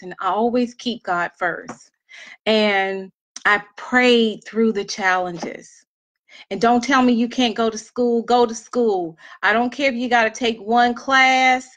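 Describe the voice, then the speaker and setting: Middle-aged dc woman giving an emotional pep talk to single moms, earnest, repeats herself for emphasis, kinda high voice. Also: a bit bright. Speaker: speaker addressing single mothers. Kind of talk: motivational talk to an audience.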